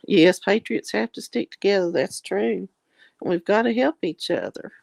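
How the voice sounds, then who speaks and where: A woman's voice: mid-range voice, normal speed, vocal fry, darkish tone, dry recording. A woman with an East Tennessee mountain drawl, chatting folksily with viewers on a livestream and calling them darling and honey. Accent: Southern US drawl, East Tennessee mountains. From East Tennessee, American South. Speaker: livestream host reading viewer comments. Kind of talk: casual livestream chat.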